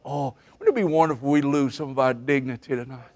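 A man preaching a revival sermon at a camp meeting, swinging between loud outbursts and hushed asides. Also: fairly high pitch, fast, few pauses.

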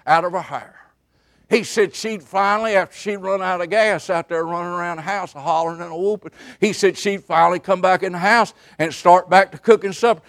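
A man preaching a revival sermon at a camp meeting, swinging between loud outbursts and hushed asides. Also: high voice, vocal fry.

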